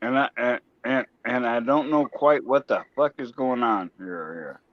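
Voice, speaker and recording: A man's voice: mid-range voice, unhurried, dry recording, muffled recording. A man speaking into his phone in a casual stream chat, stammering and confused.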